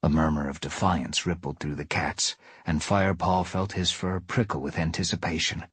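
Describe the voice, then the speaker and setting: A man narrating a novel in a lively storytelling manner during a live reading. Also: low voice, normal speed, slightly rough, dry recording. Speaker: reader.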